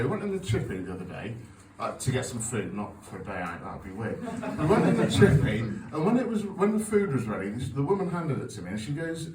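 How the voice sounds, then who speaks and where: A man in his forties performs stand-up, telling sweary, self-mocking stories. His fairly high voice swings lively up and down. He was recorded from a distance in an echoey venue with audible room noise. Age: 40s. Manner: sweary, self-mocking storytelling with an audience laughing along. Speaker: stand-up comedian. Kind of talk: stand-up comedy set. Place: comedy club stage. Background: audience laughter.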